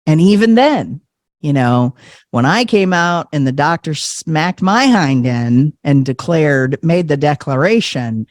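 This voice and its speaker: A man, a podcast guest, telling a personal story in a casual, animated way, often laughing and acting out what others said. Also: on the high side, measured pace, no room sound, clean studio sound.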